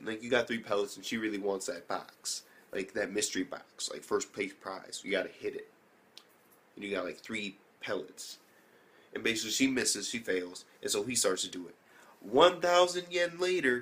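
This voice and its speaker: A man's voice: lowish voice, a bit bright, husky. A young man casually recapping an anime episode, rambling with slang, swearing and many fillers. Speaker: anime reviewer.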